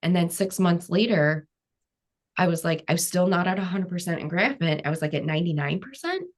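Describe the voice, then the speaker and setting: A woman's voice: on the low side, animated, brisk. A woman guest on an interview podcast, a cancer coach telling her story frankly, quoting her past self and using many "like" fillers.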